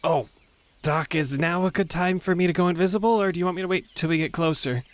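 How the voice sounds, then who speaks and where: A man's voice: on the high side, quick pace, dry recording. A man playing a tabletop game, talking in a playful, joking way. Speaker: player. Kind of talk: casual tabletop game chat.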